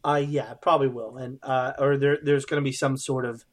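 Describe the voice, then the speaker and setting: A man co-hosting a podcast in casual chat, animated and jokey, with bursts of excitement. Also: medium pitch, brisk. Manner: animated, jokey, trails off with fillers. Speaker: podcast co-host.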